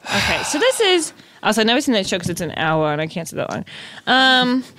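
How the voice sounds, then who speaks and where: A woman's voice: medium pitch, very animated, a little fast, bright, forceful tone, slight background noise. A woman guesting on an improvised comedy podcast, rambling goofily and dropping into silly voices.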